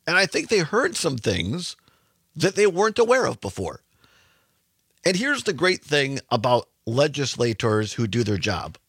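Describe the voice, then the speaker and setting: A man's voice: a little high, fairly bright tone, dry recording, studio quality. A man hosting a radio talk show, giving emphatic, conversational commentary and sometimes correcting himself mid-sentence.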